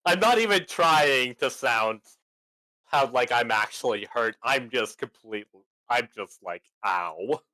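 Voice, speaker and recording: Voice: medium pitch, a little slow, pushed and bright, no echo, low-quality recording. A player at a tabletop game, chatting casually with dry jokes. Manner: dry, joking.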